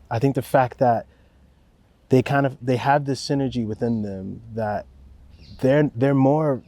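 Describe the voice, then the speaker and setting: A young man, a record producer, talking casually in an interview, laid-back and rambling, swearing freely as he praises the people he works with. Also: medium pitch. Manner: calm and warm-spoken.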